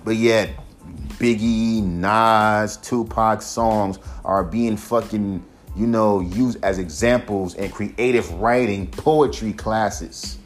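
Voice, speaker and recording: A man's voice: fairly low pitch, steady tone, takes it slowly, soft background music. A man hosting a solo podcast, ranting in a heated, profane way and mocking critics. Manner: profane, heated, mocks critics in put-on voices. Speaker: podcast host.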